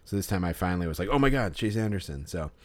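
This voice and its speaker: A man's voice: low-pitched, lively intonation, quick pace. A man co-hosting a podcast in casual chat, telling stories in a laid-back, rambling way. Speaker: podcast co-host.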